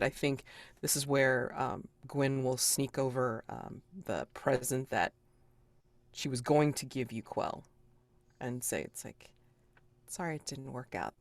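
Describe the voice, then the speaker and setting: A woman's voice: very deep voice, no room sound. A woman describes her character's actions in an online tabletop game. She talks in a hesitant, rambling way, circling back over her words and laughing often. Her voice sounds close and dry, with little room around it. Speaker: player.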